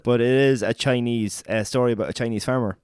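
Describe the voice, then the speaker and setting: A man's voice: medium pitch, steady tone, fast, a little mellow, clean tone, no room sound, studio quality. A man co-hosting a podcast, telling a story in a rambling way with many fillers and laughing at his own slips. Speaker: podcast co-host. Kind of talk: casual chat and storytelling.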